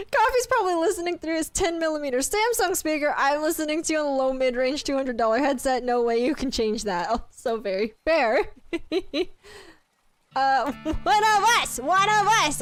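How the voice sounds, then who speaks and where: A high-pitched woman chats with her stream audience in a bubbly, teasing way, breaking into laughter often. Faint music plays quietly underneath her voice. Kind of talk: casual live-stream chat.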